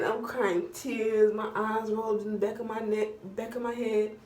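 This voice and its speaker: Animated young woman telling a story, roomy. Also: on the high side, moderate pace. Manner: animated, dramatic retelling with slang. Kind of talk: casual storytime. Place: at home, doing her hair while talking. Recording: roomy echo from a distance, faint background hum.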